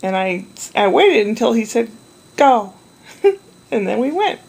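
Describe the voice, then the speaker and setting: A woman's voice: fairly high pitch, very animated, moderate pace, creaky, a little mellow, breathy edge, low-quality recording. A woman chatting in a rambling, meandering way about her day looking after a toddler. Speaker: vlogger caring for a toddler. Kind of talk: rambling casual chat.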